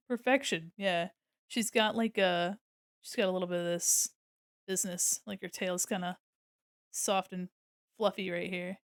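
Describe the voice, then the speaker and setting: A woman's voice: lowish voice, fairly even intonation, a little slow, pauses often, clear, resonant tone, dry recording, studio quality. A woman streamer chatting casually while she draws, giggly and gushing, breaking into laughter often. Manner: gushing and affectionate. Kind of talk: casual livestream chat while drawing.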